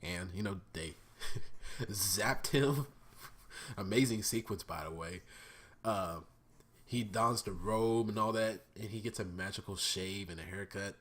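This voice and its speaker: A man talks through a cartoon episode he just watched, unhurried and loose, swearing freely and circling back with fillers. His voice sits a bit low but rings bright and forward. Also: a little hiss or hum. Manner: profane, bursts into laughing squeals when excited; rambling with many fillers and restarts. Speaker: vlogger reviewing a cartoon episode. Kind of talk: casual excited review.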